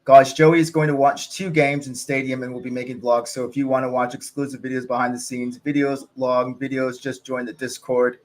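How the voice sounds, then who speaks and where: A man hosting a cricket watch-along in a loose, rambling chat style, often pausing on fillers. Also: mid-range voice, flat delivery. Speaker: cricket channel host.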